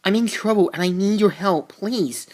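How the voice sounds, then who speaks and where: A woman voicing a mischievous cartoon schoolboy in an excited, brash way. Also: medium pitch, moderate pace, lightly acted. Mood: bewildered.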